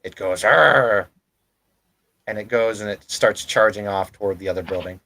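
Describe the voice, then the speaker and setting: Male game master, tabletop narration, laid-back, halting, ums and restarts. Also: lowish voice, little pitch movement, fairly bright tone, low-quality recording. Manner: casual, halting narration with fillers.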